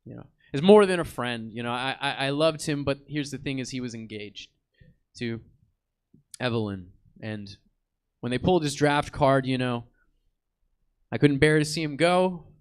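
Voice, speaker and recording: A man's voice: medium pitch, moderate pace, pauses often, smooth, pitched below the performer's own voice, lightly acted. A man voicing the ghost of a World War Two soldier, stammering and heartfelt as he tells his story. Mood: wistful. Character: earnest old WWII soldier ghost, wistful.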